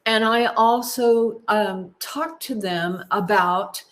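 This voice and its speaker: At a conference, a fiftysomething woman who works as a choral music clinician gives an unhurried teaching session in a mid-range voice, taking time to explain.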